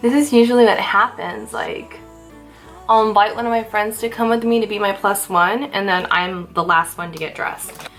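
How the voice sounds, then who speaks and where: A woman's voice: mid-range voice, fairly even intonation, moderate pace, fairly bright tone, poor audio. Young woman, beauty vlogger, casual makeup chat, self-mocking, a bit out of breath, faint music behind. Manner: chatty, self-mocking, talks while doing makeup. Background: faint background music.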